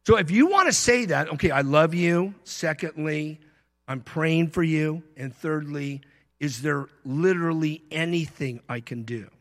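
A man's voice: on the high side, moderate pace. Man preaching in a reverberant hall. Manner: conversational preaching, shifts between loud emphasis and quiet asides. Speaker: pastor. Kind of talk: sermon.

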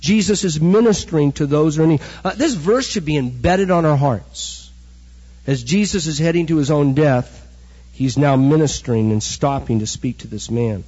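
A middle-aged man preaching a sermon, animated storytelling that acts out the quotes. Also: on the high side, normal speed, slightly rough. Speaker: pastor. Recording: dull recording with hall echo.

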